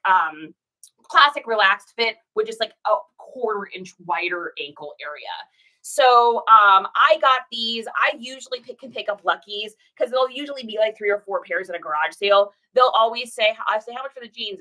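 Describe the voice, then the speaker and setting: A woman reseller talks through her orders in a loose, chatty vlog style, full of fillers and quick laughs. Her voice is bright and forward. She rambles comfortably as she goes. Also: medium pitch, low-quality recording. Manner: laughs easily. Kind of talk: casual vlog while packing orders.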